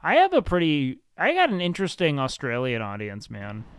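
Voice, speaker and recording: A man's voice: a little high, wildly swooping pitch, brisk, clean tone. A male streamer chatting casually while reacting to a video, laid-back and rambling, swearing often.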